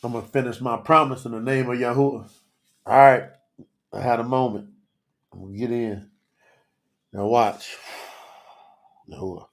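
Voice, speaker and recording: A man's voice: medium pitch, fairly even intonation, moderate pace, pauses often. A man teaching scripture on a live stream, emotional and teary, sweating, calling out to his viewers in the chat. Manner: emotional, preachy, talks to chat.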